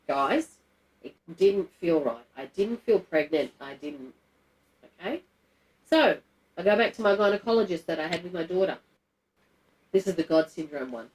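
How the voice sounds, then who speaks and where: A woman's voice: on the low side, rough recording. A middle-aged woman, telling a personal story to a group in a candid, blunt and emotional way, swearing freely. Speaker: guest telling her story.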